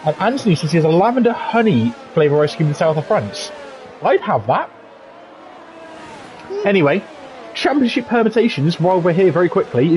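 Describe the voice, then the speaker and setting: A man calling a live sim race in a slightly high, bright-pitched voice. He talks in a chatty, joking way, with quick asides between the race calls. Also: a little hiss or hum. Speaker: esports race commentator. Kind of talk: live sim racing commentary.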